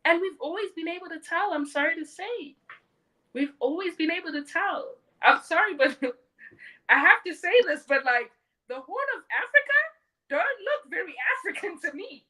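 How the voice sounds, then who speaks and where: A woman in her thirties talking straight to her live stream audience, blunt and scornful, often mocking people in silly voices. Her voice sits high and swings widely in pitch, with a bright, sharp edge. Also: expressive, moderate pace, poor audio. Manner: blunt and mocking, mimics others. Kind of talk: opinionated live stream monologue.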